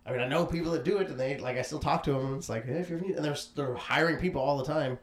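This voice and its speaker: Fast-rambling young man in a roomy room. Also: a little high. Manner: rambling, filler-heavy, laughs often. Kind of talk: casual podcast chat. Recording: roomy echo.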